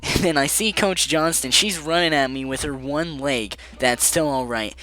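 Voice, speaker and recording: A man's voice: fairly high pitch, moderate pace, bright, forceful tone, faint music behind. A young man rambling through a casual storytime in a sarcastic, joking tone. He curses freely and keeps things loose and chatty. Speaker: vlogger.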